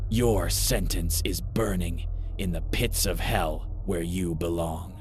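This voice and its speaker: A man's voice: low voice, slow pace, faint music behind. A man voicing a vicious teenage girl who leads a mob and shrieks fanatical accusations. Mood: cold.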